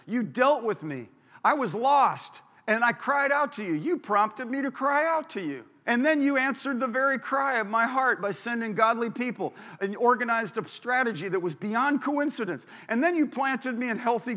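Guy pastor preaching, high bright voice, leans hard on words, big echoey church hall. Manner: emphatic preaching, drawing out key words. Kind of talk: sermon. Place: church auditorium. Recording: reverberant hall.

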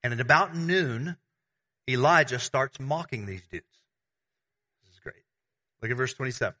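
A man preaching a sermon as pastor, conversational and animated, with everyday analogies. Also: on the high side, normal speed, long pauses.

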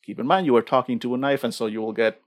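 Halting man running a tabletop game. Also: mid-range voice. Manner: halting, repeats words, thinks aloud. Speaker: game master.

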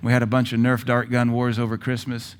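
Forceful male preacher, loud then hushed. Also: mid-range voice, completely flat delivery, fairly quick, slight background noise. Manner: forceful preaching with sudden loud rises and quiet drops. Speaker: pastor. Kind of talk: sermon.

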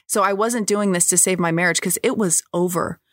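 A woman's voice: lowish voice, brisk, no echo, clean studio sound. A woman, a podcast guest, telling her personal testimony in an earnest, reflective way.

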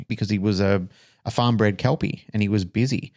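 A man's voice: on the low side, lively intonation, quick pace. A man, a dog trainer co-hosting a podcast, telling a story frankly and emotionally, with some swearing.

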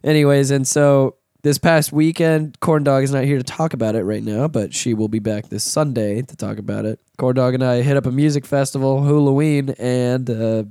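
Sniffly podcast guy, smooth voice, swears a lot, dry close mic. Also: mid-range voice, steady tone, normal speed, few pauses, mellow, no echo. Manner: loose, profane, laughs often. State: sniffly from a cold. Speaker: podcast host. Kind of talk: casual podcast chat.

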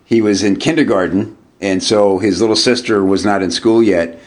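Lower-voiced man telling a story. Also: moderate pace. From United States. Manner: animated storyteller, frequent restarts and repeated words, laughs while telling. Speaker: podcast guest, copywriter. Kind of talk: conversational storytelling.

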